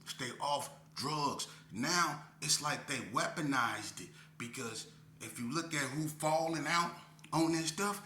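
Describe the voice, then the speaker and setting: A man appears as a guest in a laid-back interview, narrating a story in slangy street talk and regularly checking in with whoever's listening. Animated throughout, he climbs high in pitch while retelling events. Faint hum and echo fill the room.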